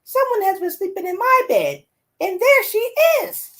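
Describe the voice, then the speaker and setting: A woman reading a storybook aloud and voicing a small, whiny bear cub in a tiny, squeaky voice. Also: huge pitch swings, moderate pace, fairly bright tone, exaggerated voice. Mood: upset. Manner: squeaky and upset.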